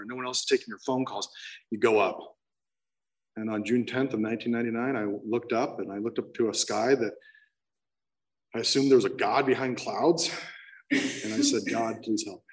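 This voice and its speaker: A man's voice: medium pitch, far from the mic. Man telling a candid recovery story. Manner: candid, emotional storytelling with restarts. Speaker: speaker sharing his story.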